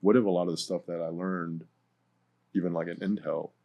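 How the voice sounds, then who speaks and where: A man's voice: deep voice, little pitch movement, brisk, vocal fry, lo-fi sound. A man as a guest in a casual discussion, rambling and hesitant, full of fillers like "like" and "right".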